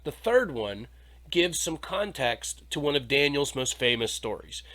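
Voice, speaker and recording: A male podcast host retelling an old story in an irreverent, jokey way. He swears casually and riffs loosely, with an average pitch. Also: very animated, a little slow, bright, forceful tone. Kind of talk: casual discussion.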